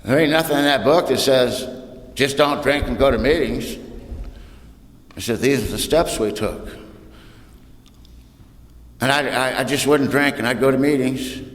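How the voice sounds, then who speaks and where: Man at a meeting, loose colloquial storyteller, mid-pitched voice, roomy reverb. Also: normal speed, pauses often. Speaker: recovery meeting speaker. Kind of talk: humorous recovery talk to an audience. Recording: roomy hall with long echo.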